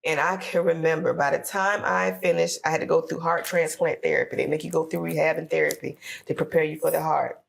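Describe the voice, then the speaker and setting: Gravelly-voiced woman telling her story. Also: deep voice, steady tone, fairly quick, hardly any pauses, a little hiss or hum. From Florida, US. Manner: emotional storytelling, acting out prayers and quotes. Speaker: podcast guest. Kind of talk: personal story on a podcast.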